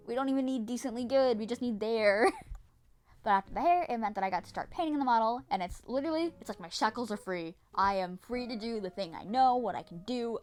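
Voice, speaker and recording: A woman's voice: on the high side, fairly quick, darkish tone. A young woman narrating her vlog in a casual, dramatic way, swearing and repeating herself often. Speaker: vlogger.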